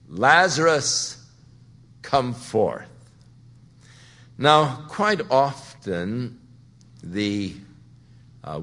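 A man preaching a sermon on a Bible passage, talking it through conversationally and building to emphatic points. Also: on the low side. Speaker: pastor.

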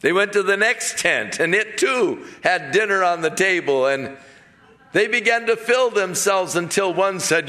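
Male preacher, slow deliberate delivery, animated storyteller. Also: sits high. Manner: animated storyteller acting out characters. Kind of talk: sermon storytelling.

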